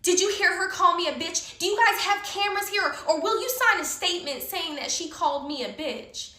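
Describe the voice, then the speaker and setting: A woman's voice: very high voice, a little fast, sharp tone, reverberant, voice pushed up. A woman putting on the voice of a whiny, petty grown man who tattles.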